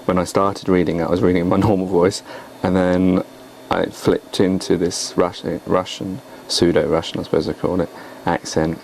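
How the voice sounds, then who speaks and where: A man's voice: low voice, flat delivery, normal speed, vocal fry, darkish tone, slight background noise, rough recording. A man talking casually on his video blog about his poems, in a rambling, hesitant, self-deprecating way. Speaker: poet and vlogger.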